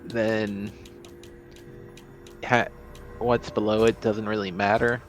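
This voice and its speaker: A man chiming in with calm, advising remarks during a game stream. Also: on the low side, takes it slowly, soft background music. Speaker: co-commentator. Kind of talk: casual gameplay commentary.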